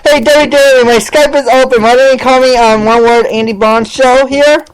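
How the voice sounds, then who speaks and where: A man's voice: very high-pitched, steady tone, moderate pace, clean tone, rough recording. A male podcast host ranting in a mocking, sarcastic way, over and over asking "seriously". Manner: sarcastic, keeps saying "seriously".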